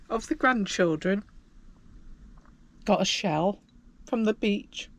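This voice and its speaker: Strolling the country paths of a pilgrimage route, an older woman chats to camera in an expressive, mid-range voice. Her vlog talk is unhurried and rambling, packed with fillers and broken by long pauses.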